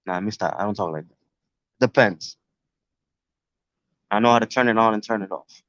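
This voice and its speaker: A man's voice: fairly low pitch, fairly quick, pauses often, fairly bright tone, dry recording. New York man streaming on a phone. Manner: loose, profane street talk. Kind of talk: casual live stream chat. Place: outdoors near the beach. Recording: dry, dull phone audio.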